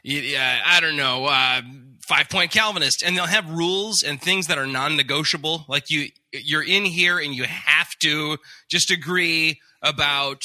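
A male podcast host with a very bright, ringing voice pitched a little high. He talks in a chatty, joking way and asks long, rambling questions. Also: a little slow, few pauses. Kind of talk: casual interview hosting.

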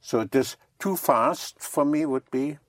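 A French teacher giving a slow, patient one-on-one lesson and spelling words out letter by letter. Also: mid-range voice, dry recording.

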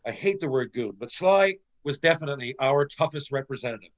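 The recording cuts off the highs as a middle-aged Canadian man talks fairly quickly in a mid-range voice. A former pro hockey player, he tells a laid-back anecdote, swearing plenty and dramatizing each quote.

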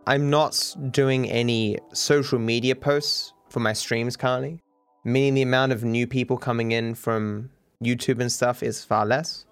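A man's voice: medium pitch, fairly even intonation, normal speed, clear, resonant tone, faint music behind. A young man, a streamer rambling casually, candid and self-deprecating, swearing freely.

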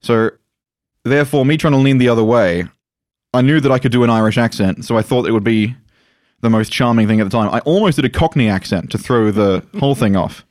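A man's voice: medium pitch, brisk, a little mellow, dry recording. Chatty man in a dry room. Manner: chatty, digressive storyteller. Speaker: podcast co-host and tabletop player. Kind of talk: casual podcast chat.

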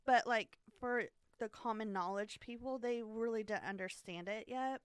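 A woman chats her way through a history story, giggling often and stumbling over fillers and restarts. Her voice sits a touch high. The sound is dry and close, with no room around it. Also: moderate pace, smooth, no room sound. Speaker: podcast co-host telling a history story. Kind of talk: casual storytelling chat.

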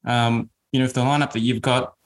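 A man with an Australian accent hosting a podcast, relaxed and enthusiastic in conversation. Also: medium pitch, fairly quick. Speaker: podcast host. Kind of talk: casual podcast interview.

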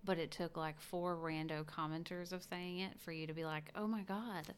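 A woman's voice: deep voice, level tone, normal speed, slight background noise. A woman co-hosting a casual podcast, chatty and rambling, laughing often. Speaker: podcast co-host. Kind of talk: casual chat.

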